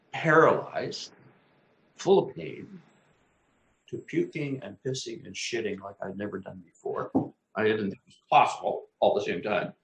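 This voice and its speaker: A man, co-host of a talk show, casually telling a vivid personal story, acting out his own exclamations and swearing freely. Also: fairly high pitch. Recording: echoey room.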